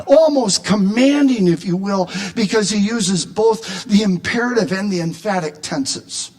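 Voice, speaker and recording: A man preaching a sermon as pastor, animated and emphatic, at times raising his voice to a shout. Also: high voice, a little slow, few pauses.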